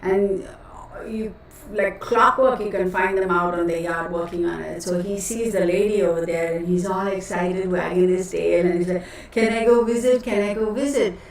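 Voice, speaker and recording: A tarot reader with a gravelly, low-leaning voice talks steadily at a moderate pace, rambling to her live viewers and calling them y'all. Her cluttered home room echoes, she's far from the mic, and faint noise is audible.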